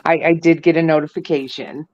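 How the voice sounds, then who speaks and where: A woman's voice: low-pitched, fairly even intonation, fairly quick, muffled recording. A woman co-hosting a live stream chat, answering with short, dry, laid-back remarks. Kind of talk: casual chat, short replies.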